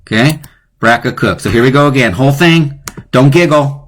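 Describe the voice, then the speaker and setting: A man's voice: medium pitch, normal speed. A man hosting a live online lesson, playful and chatty, often chuckling at his own jokes. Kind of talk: casual live-streamed lesson.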